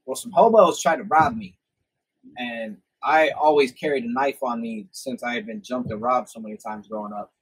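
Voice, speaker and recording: A young man, hosting a podcast and telling stories from his youth in a casual, animated way. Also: medium pitch, normal speed, husky, poor audio. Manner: animated storyteller, acts out quoted lines loudly. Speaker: podcast host. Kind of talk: casual storytelling chat.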